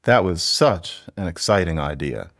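Man, low voice, very animated pitch, professorial interview guest. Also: unhurried. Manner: lively, professorial, imitates accents playfully. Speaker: linguist guest. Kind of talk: conversational interview.

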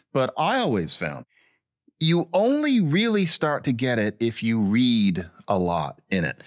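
A man speaking as a linguist guest in a podcast interview, explaining in an animated way with big pitch swings. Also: no room sound, studio quality.

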